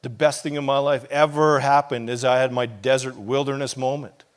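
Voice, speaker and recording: A man's voice: mid-range voice, fairly even intonation, normal speed. Impassioned man preaching a sermon. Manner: impassioned, conversational preaching with casual asides. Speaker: pastor.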